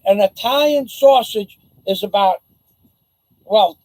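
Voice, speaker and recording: A man rambles sarcastically to his viewers, taunting a rival in a slow, drawn-out delivery. His voice sits unusually high for a man. The recording is dry and close, with no room around it. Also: darkish tone, dry recording, rough recording. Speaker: vlogger. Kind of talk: casual mocking chat to camera.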